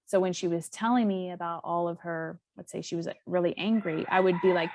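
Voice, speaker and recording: Low-voiced woman talking things through. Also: fairly even intonation, quick pace, darkish tone, dry recording. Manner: conversational, thinking aloud. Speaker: podcast guest. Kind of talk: casual chat.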